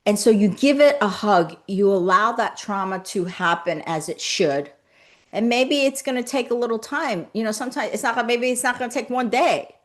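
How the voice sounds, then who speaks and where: Reading her viewers' comments and greeting each by name, a woman who works as a spiritual coach leads a motivational livestream full of gentle, repeated affirmations. Her voice sits on the high side, with lively intonation at a moderate pace.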